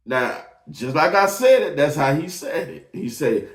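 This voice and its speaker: A man's voice: medium pitch, animated. A man, hosting and telling a personal testimony in an emotional, repetitive way. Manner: emotional, drawn-out storytelling with repeated phrases. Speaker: host. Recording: echoey room, voice from a distance off the mic.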